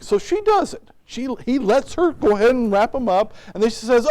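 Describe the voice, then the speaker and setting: A pastor preaching a sermon in church, retelling a story with lively acted-out quotes. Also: male voice, high voice, moderate pace. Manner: animated storytelling, acting out quotes.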